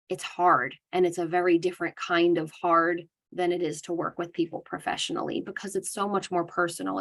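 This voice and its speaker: A young adult woman, a dementia care educator, giving an earnest, conversational educational talk and acting out gentle phrases to say. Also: fairly low pitch, creaky.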